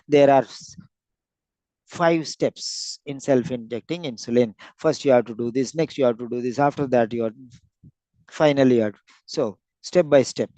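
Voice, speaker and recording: A man's voice: on the high side, expressive, measured pace, darkish tone, no echo, poor audio. A man teaching a lesson on word and sentence stress for clinical speaking, stressing and repeating words to show the point. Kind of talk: lecture on clinical speaking skills.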